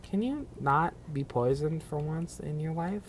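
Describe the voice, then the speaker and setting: A man's voice: a little high, expressive, measured pace, a little hiss or hum. A man streaming a video game, rambling through casual commentary with self-mocking asides.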